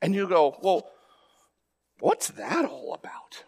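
A man delivers a sermon in a conversational, unscripted way. His voice sits high for a man, and he often repeats or restarts words before climbing into louder, more emphatic stretches. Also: huge pitch swings, slow pace, gravelly, slightly rough. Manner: conversational preaching with frequent restarts and rising emphasis. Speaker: pastor.

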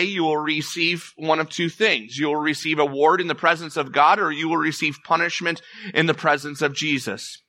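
A man's voice: a little high, fairly even intonation, normal speed, bright, forceful tone. A man preaching a sermon as pastor, earnest and emphatic, pressing his point with rising intensity.

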